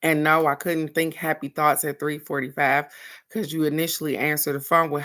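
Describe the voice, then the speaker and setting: A woman hosting a daily card reading show, chatting casually with her viewers. She tells a lively story, acts out other people's voices and speaks bluntly, with the odd curse word. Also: sits low, moderate pace. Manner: animated storytelling, acting out quoted voices, addressing viewers directly. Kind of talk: casual spiritual chat to viewers.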